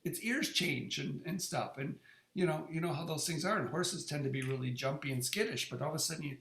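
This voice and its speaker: With a slightly high, fairly bright voice and a fairly quick pace, a middle-aged presenter chats informally about his own experience. Repeated words and restarted sentences are frequent, and the recording has an echoey room sound.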